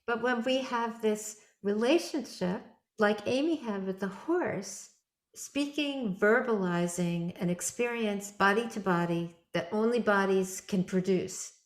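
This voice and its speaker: A woman's voice: mid-range voice, unhurried. A woman hosting a podcast interview, reflecting thoughtfully on what her guest says. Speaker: podcast host and therapist.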